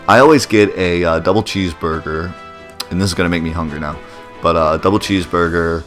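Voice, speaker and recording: Low but fairly bright, this young man's voice carries his relaxed let's-play chatter, full of self-deprecating rambling as he plays along.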